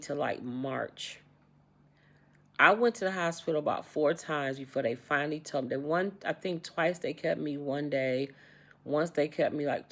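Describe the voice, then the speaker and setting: An American woman in her sixties tells a personal story in a casual vlog, repeating herself and animatedly acting out quoted dialogue. Her voice is deep, with vocal fry.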